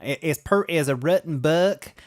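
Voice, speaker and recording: A man's voice: fairly high pitch, normal speed, no echo, studio quality, close to an everyday voice. A man putting on an exaggerated Southern US drawl while reading a listener's message aloud. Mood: playful. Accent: put-on Southern US.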